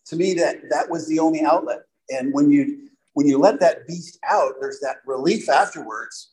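A middle-aged man with a medium-pitched, somewhat dark voice tells a candid personal recovery story to an audience, rambling and dropping in lots of "you know" asides. The recording quality is low.

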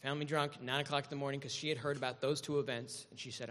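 A man's voice: mid-range voice, level tone, rapid-fire, a bit bright. A man candidly telling his own recovery story to a meeting, self-mocking and frank. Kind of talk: personal recovery testimony to a meeting. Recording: echoey hall reverb.

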